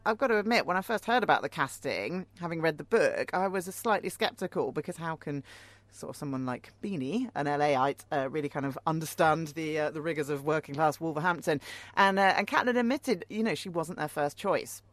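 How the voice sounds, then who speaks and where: A woman's voice: sits low, lively intonation, brisk, no room sound. A woman hosting a film review podcast, chatting enthusiastically about a new film. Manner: enthusiastic, fluent with small restarts. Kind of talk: casual chat.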